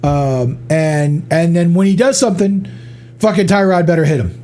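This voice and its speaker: A man with a notably high speaking voice hosts a loose, unscripted sports betting show. He rambles, swears freely and breaks into laughter as he reacts. He sounds like a regular host talking straight to his listeners. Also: normal speed, warm tone. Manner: profane, rambling, laughs often. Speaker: podcast host. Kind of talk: casual sports betting chat.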